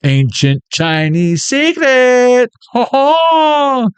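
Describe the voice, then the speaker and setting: A man putting on the voice of a comic, teasing old sage, slow and singsong. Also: high voice, big pitch swings, no room sound, soft background music, pitched above the performer's own voice, exaggerated voice. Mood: mocking.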